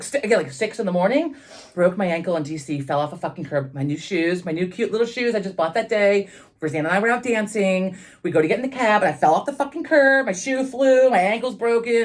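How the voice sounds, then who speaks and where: A woman co-hosting a podcast, telling a story in casual chat, animated, swearing freely and full of fillers. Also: fairly low pitch. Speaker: podcast co-host.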